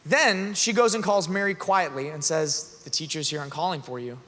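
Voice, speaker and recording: Man, youth conference speaker, humorous sermon storytelling, high voice, long reverb of a large hall. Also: moderate pace. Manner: animated, joking, acts out characters. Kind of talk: humorous preaching and scripture storytelling.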